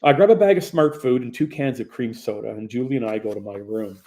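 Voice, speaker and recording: A man's voice: mid-range voice, brisk, a little mellow. A young man narrating a first-person audiobook in a plain, conversational storytelling manner.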